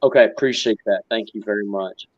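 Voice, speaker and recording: A man's voice: lowish voice, fairly quick, dull audio. Man telling a rambling story. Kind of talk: casual storytelling.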